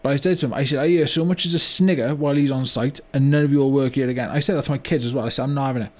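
This mock-documentary comedy monologue has an actor as a remorseful, blunt older British car yard owner recounting a story, rambling with "you know" and "right?". His natural, medium-pitched male voice is steady in tone, a little mellow and very fast, the mood rueful.

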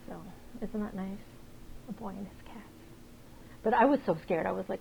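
A woman co-hosting a podcast, chatting casually and telling rapid, animated stories full of swearing. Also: medium pitch, vocal fry, slight background noise, low-quality recording. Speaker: podcast co-host. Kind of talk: casual chat.

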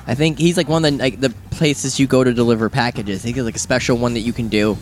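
A man's voice: medium pitch, fairly even intonation, fast talker, slight background noise. A man co-hosting a casual podcast, rambling about video games and acting out his own reactions. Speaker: podcast co-host.

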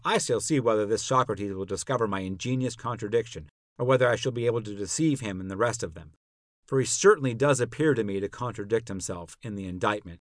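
A man's voice: fairly low pitch, no room sound, studio quality, close to an everyday voice. A man voicing an elderly philosopher on trial, questioning his accuser in a rhetorical, pointed way. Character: elderly male philosopher on trial, probing and ironic. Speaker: podcast narrator. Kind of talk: dramatic reading of a classical dialogue.

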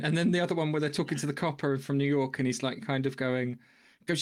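A man's voice: fairly high pitch, steady tone, fast. A man co-hosting a podcast in casual chat, making dry, wry asides. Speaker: podcast co-host.

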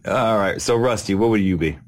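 A man hosting a casual podcast chat, animated and quick to laugh. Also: on the low side. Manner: animated, laughs often, reads listener answers aloud. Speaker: podcast host.

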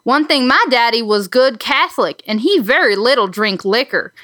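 A woman reading aloud as a rough-spoken backwoods woman in a put-on Southern accent, with broken, crude grammar. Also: on the high side, animated, normal speed, bright, forceful tone, no echo, studio quality. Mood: aggrieved. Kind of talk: reading a letter aloud in character.

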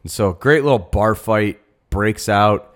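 A man's voice: lowish voice, measured pace, a bit bright. A man co-hosting a casual movie-review podcast, laid-back and profane, joking as he recaps scenes. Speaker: podcast co-host.

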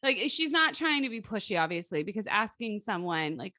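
A woman in her thirties, co-hosting a casual podcast chat and telling stories with lively, animated delivery. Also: lowish voice, fast, few pauses, no room sound, studio quality. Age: 30s. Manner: lively, animated storytelling with quoted voices and laughs. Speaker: podcast co-host and life coach.

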